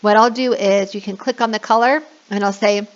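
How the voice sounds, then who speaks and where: A woman's voice: mid-range voice, steady tone, a little fast, highs cut off. A woman walking new online teachers through a classroom platform, often checking in with "okay?" and slipping into a bubbly sing-song voice for kids. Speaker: online English teacher trainer. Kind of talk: screen-share tutorial.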